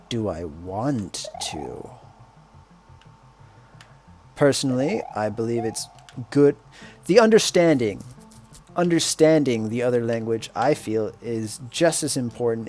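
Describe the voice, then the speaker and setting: Unhurried rambling man over game music. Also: medium pitch, expressive, a little mellow. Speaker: streamer and English teacher. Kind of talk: casual chat while playing a game. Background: faint video game music.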